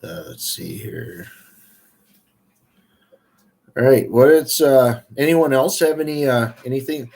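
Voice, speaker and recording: A man's voice: medium pitch, normal speed, gravelly, a little mellow. A man hosting a casual livestream, talking in a rambling, easygoing way with lots of fillers. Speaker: outdoors livestream host.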